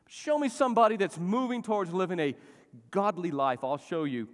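A man's voice: high-pitched, animated, fairly quick. A middle-aged man preaching a sermon in a church, exhorting his congregation and calling for responses. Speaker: pastor. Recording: long reverb of a church hall.

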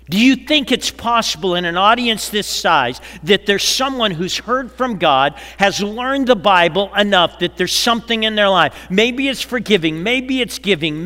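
A man pastor preaching a sermon, slowing and dropping to a hush for emphasis and acting out the people he quotes. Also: sits high. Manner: dramatic preaching, slows and drops to a hush for emphasis; acts out quoted people in a lively voice. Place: large church auditorium. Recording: long hall reverb, church sanctuary.

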